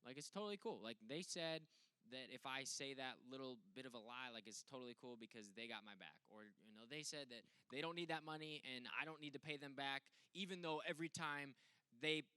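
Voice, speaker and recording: A man's voice: mid-range voice, fairly quick, pushed and bright, clear, resonant tone, no echo. A young adult man preaching a casual sermon as a pastor, telling stories in a joking, self-mocking way.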